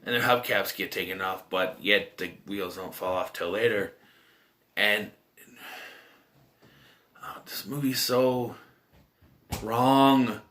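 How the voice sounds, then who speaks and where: A man's voice: on the low side, takes it slowly, long pauses, fairly bright tone. A man giving a casual, rambling solo movie review, with many restarts and fillers.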